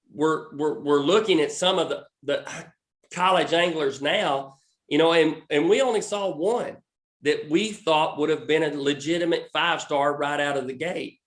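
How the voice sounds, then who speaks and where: Southern guy, kinda high voice, stumbles and restarts a lot, echoey room. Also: fairly bright tone. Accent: Southern American. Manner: halting, with many restarts and fillers. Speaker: fishing recruiting scout. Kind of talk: explaining a recruiting program.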